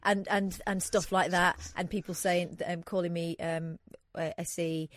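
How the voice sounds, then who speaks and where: A woman's voice: lowish voice, steady tone, measured pace, no echo. A woman co-hosting a radio talk show, chiming in with short reactions and remarks. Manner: brief reactive interjections and chiming in. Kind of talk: casual radio chat.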